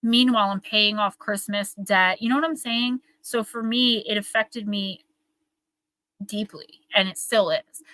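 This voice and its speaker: A woman's voice: mid-range voice, unhurried, pushed and bright, dry recording, poor audio. A young woman hosting a live oracle card reading, talking in a rambling, earnest, emotional way. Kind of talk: live-stream card reading, casual chat. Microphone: live-stream microphone.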